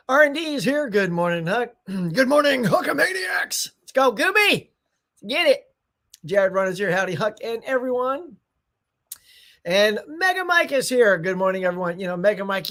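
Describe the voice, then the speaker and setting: A man's voice: sits high, gravelly, fairly bright tone. Middle-aged guy hosting a morning stream, chatty, upbeat, laughs a lot, keeps restarting his sentences. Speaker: livestream host. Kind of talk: casual morning livestream chat, greeting viewers.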